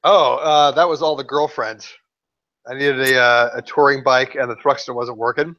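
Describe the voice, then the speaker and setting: A man's voice: medium pitch, fairly even intonation, normal speed, sharp tone, lo-fi sound. A man co-hosting a live show, chatting in a laid-back, joking way. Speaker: co-host. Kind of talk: casual banter.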